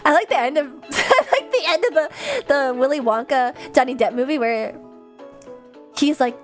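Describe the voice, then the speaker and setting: Young woman streamer, high bouncy voice, chatty and animated, laughs a lot, swears casually while reading chat. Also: moderate pace, faint music behind. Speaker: livestreamer.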